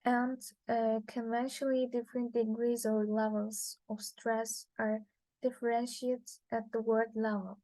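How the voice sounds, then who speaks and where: A woman whose first language is Turkish, reading a linguistics lecture from slides, halting with frequent fillers and restarts. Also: a little high, level tone, dark tone, no room sound, rough recording.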